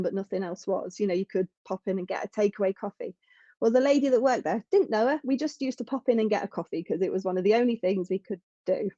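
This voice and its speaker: A woman's voice: mid-range voice, mellow, no room sound, lo-fi sound. A woman speaking as a podcast guest in an earnest, reflective way, often restarting her sentences. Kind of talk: conversational interview.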